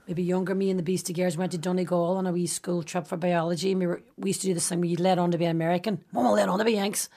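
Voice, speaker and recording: A woman's voice: lowish voice, little pitch movement, racing, hardly any pauses, dark tone. A woman with a Northern Irish Derry accent, chatting as a guest and telling stories full of local slang with a laugh. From Derry, Northern Ireland. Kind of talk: casual chat.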